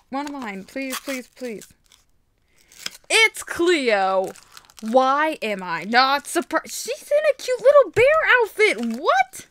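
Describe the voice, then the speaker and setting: Young woman, toy unboxing vlog, high voice, gushing, gasps often. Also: slight background noise. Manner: gushing, excitable, frequent gasps. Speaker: toy vlogger. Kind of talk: casual unboxing chat.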